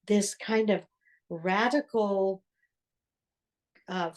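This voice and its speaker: An older woman, a religious sister, telling her story in an interview in an earnest way, with reflective pauses. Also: medium pitch, a little mellow. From United States.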